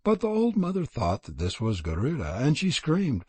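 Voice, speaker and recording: A man giving scripted audiobook narration in a measured storytelling manner, with a husky voice. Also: mid-range voice, huge pitch swings, a little mellow, dry recording.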